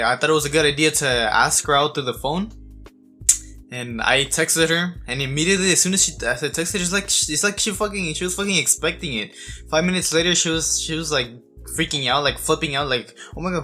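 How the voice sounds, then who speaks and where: A man's voice: on the high side, fairly quick, bright, forceful tone, faint music behind. Blunt, profane young man. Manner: profane, blunt, frequent restarts. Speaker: self-improvement vlogger. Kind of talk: blunt monologue to camera.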